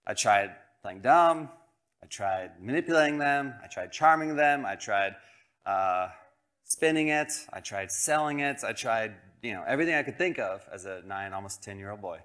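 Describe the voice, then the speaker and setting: A man who grew up in Colorado, a pastor preaching a sermon through a lively, self-deprecating personal story, acting out the voices of the people in it. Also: on the low side, normal speed. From Colorado, United States. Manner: animated, self-deprecating, acts out quoted voices.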